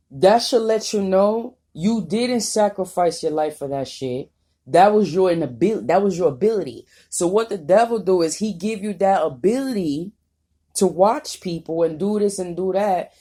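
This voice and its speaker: A woman with a lowish, mellow voice delivers an unscripted vlog monologue. She rambles and swears freely, firing her points straight at whoever she is calling out in a confrontational way. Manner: profane, confrontational, rambling rant. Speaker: vlogger.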